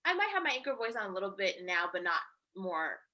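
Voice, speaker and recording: A woman who works as a TV reporter and anchor, talking as a guest in a casual interview, articulate and lively and quick to laugh. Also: mid-range voice.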